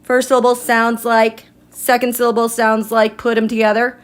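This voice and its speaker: A woman's voice: fairly high pitch, little pitch movement, normal speed. A woman hosting a tarot and astrology livestream from home, chatting in a rambling way and greeting viewers by name. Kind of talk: casual livestream chat.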